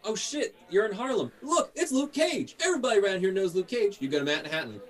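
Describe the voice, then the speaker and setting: Dude doing a squeaky hyped-up street guy, high and bouncy. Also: quick pace. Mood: excited. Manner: high, excitable, gossipy. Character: excited male city bystander. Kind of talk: comedic impression in casual chat.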